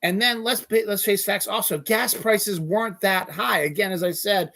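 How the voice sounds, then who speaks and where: A man hosting a solo podcast, ranting angrily with heavy swearing and sudden bursts of yelling. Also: high-pitched, moderate pace, vocal fry. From Eastern United States. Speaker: podcast host. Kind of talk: solo rant.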